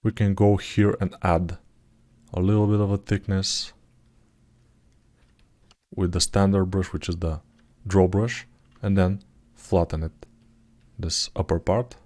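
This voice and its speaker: In a live tutorial, a 3D artist tutor thinks aloud about his sculpting work in a relaxed, self-deprecating way while typing can be heard behind him. His voice is low and unhurried, with frequent pauses.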